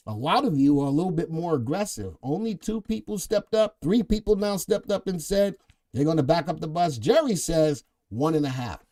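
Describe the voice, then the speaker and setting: Playful punning man hosting live, mellow voice. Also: fairly high pitch, lively intonation, normal speed. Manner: playful, punning, reads viewer comments aloud. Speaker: stock market show host. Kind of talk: live market update chat with viewers.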